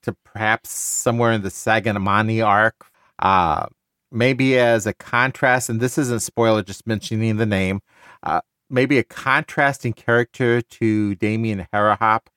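A man's voice: fairly low pitch, fairly bright tone, dry recording, clean studio sound. A man hosting a casual book discussion podcast, talking with enthusiasm and often restarting his sentences. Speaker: podcast host.

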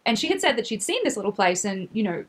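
A woman co-hosting a podcast, chiming in quickly and laughing as she tells travel stories. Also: medium pitch, very animated. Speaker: podcast co-host. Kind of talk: casual chat.

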